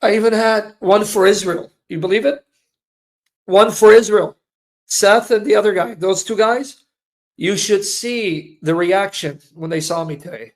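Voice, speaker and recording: A man's voice: high-pitched, moderate pace. A man in his fifties giving an emotional personal testimony, speaking emphatically and repeating phrases for weight. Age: 50s. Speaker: Christian apologist giving a testimony.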